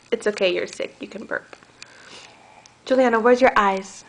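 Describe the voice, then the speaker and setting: A woman using slow, sing-song baby talk as she coaxes a toddler at home, recorded on a home video camera. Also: a little high, a bit bright. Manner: sing-song, coaxing, playful. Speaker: caregiver playing with a toddler.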